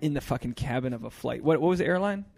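Gravelly man host, joking around. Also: mid-range voice, expressive, quick pace, a little mellow. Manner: teasing, crude joking banter. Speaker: podcast host. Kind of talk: casual podcast chat.

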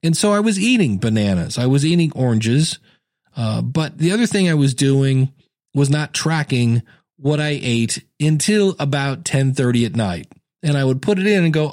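A middle-aged man at an average pitch talks through his week in a casual solo podcast. He is chatty and self-deprecating and often acts out his own inner voice. The sound is dry and close, with no room echo. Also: animated, moderate pace, a little mellow. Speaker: podcast host.

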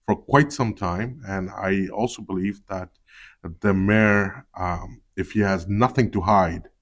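Low-voiced councillor, halting with fillers. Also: male voice, fairly even intonation. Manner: hesitant, heavy fillers, then firm. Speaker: city councillor, podcast guest. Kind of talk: casual chat.

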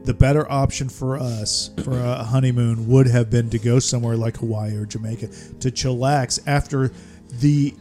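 A middle-aged man in a relaxed podcast conversation, his voice sitting at an ordinary pitch. He tells stories with animated energy and laughs often, with a little music faint in the background. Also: normal speed. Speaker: podcast co-host. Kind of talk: casual chat.

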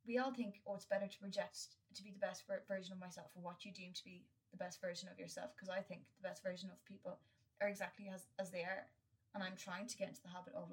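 A woman's voice: mid-range voice, vocal fry, far from the mic. A young woman hosting her own podcast, talking candidly and earnestly in a casual solo monologue, swearing freely and with many fillers. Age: young adult. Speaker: podcast host.

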